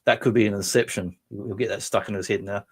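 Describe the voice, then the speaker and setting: A man's voice: on the low side, fairly even intonation, fast, husky. A man with an Australian accent chats loosely through a live stream, reading out comments and drifting into jokes at his own expense. His voice sounds slightly worn and strained. He rambles and keeps things light and silly. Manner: rambling, self-mocking, bursts into silly voices. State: voice strained after drinking. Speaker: livestream host. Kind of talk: casual live chat reading viewer comments.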